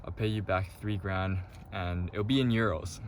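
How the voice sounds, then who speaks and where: A man quoting a pushy, smooth-talking male con artist with an Italian accent in a story. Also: low-pitched, fairly even intonation, moderate pace, voice pushed down, natural voice. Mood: coaxing. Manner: pushy and insistent. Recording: noisy outdoor street traffic.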